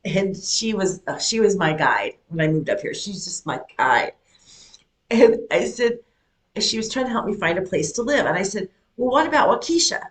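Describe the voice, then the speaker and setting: Animated middle-aged woman hosting a chat. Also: mid-range voice, moderate pace, roomy sound. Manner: lively, animated storyteller. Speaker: podcast host. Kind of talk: casual chat.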